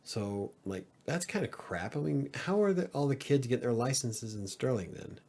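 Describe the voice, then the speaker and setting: Rambling, cursing podcast host. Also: male voice, medium pitch, animated, moderate pace, a little mellow, breathy edge. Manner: rambling, swears freely, chuckles often. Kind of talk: casual livestream chat.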